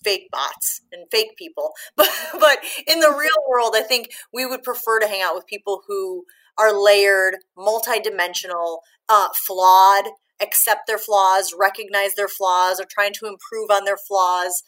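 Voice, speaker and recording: Midwestern lady reporter, chatty and frank, bright kinda sharp tone, ums all over. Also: mid-range voice, measured pace, poor audio. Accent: Midwestern American. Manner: chatty, frank, laughs easily, many fillers. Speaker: sports reporter, guest. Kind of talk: candid interview answers.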